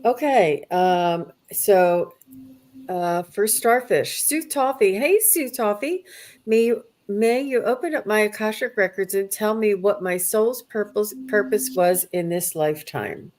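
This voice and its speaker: A woman hosting a spiritual livestream, soft-spoken and gushing as she thanks her viewers. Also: mid-range voice, measured pace. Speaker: livestream host. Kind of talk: live stream chat.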